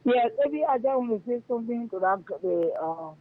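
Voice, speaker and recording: High-pitched Liberian man ranting on phone. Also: animated, fairly quick. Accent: Liberian English. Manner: fiery, denouncing, repetitive. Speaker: radio caller. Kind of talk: heated call-in rant. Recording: tinny phone line.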